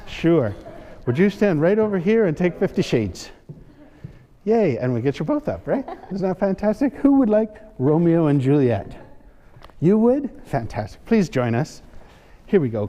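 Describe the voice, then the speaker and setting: Man, comedy magician, teasing stage banter, slightly high voice, long hall reverb, faint background noise. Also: mellow. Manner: playful, teasing, quick asides. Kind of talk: stage banter with audience volunteers. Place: stage before a live audience.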